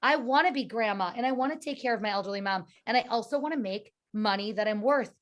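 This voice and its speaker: A woman's voice: on the high side, fast talker. Upbeat woman leading a sales team call. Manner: energetic and earnest, with repeated words and restarts. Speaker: direct sales team leader. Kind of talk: motivational speech on a video call. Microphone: video call.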